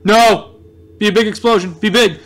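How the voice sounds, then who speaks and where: A man giving casual let's-play commentary on a video game, reacting excitably with loud outbursts of frustration. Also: high voice, normal speed. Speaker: gameplay commentator.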